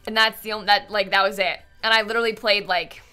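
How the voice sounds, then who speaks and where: A woman's voice: medium pitch, fairly even intonation, fast talker, pushed and bright, clear, resonant tone, soft background music. A woman hosting a casual live game stream from home, chatty and rambling with many fillers, thanking her viewers as she goes. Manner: reads out and thanks chat viewers.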